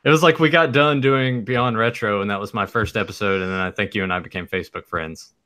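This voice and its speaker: A man co-hosting a casual podcast chat, laid-back and halting with many fillers. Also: fairly low pitch, sharp tone. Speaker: podcast co-host.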